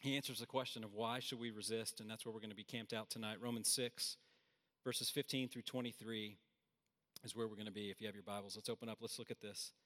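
A man's voice: on the low side, steady tone, quick pace, sharp tone. A man preaching a sermon to a room, earnest and emphatic, with casual asides. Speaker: pastor. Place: large room with audience. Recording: hall reverb.

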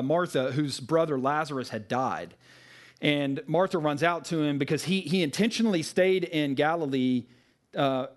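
A man giving a casual sermon to a live audience, retelling scripture in a chatty, animated way with asides. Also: on the high side. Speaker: preacher.

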